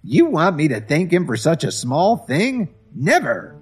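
Man putting on a shrill domineering mother, contemptuous, husky, lively pitch. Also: normal speed, exaggerated voice. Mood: scornful. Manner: nagging, contemptuous, loud. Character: scornful middle-aged mother, domineering, shrill.

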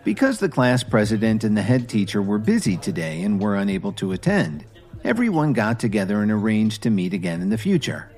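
A man giving a scripted storybook narration in an expressive, measured way. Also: on the low side, gravelly, soft background music.

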